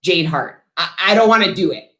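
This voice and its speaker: A woman hosting a casual livestream, chatting bluntly with viewers and answering their questions, swearing freely and talking with animated emphasis. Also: on the low side, normal speed, echoey room, a little hiss or hum. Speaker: host selling frankincense to viewers.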